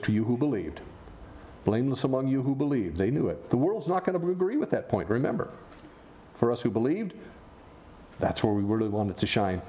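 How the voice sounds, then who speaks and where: A man's voice: medium pitch, darkish tone, slight background noise. A man preaching a sermon, explaining scripture with rhetorical questions and wry asides. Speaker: pastor.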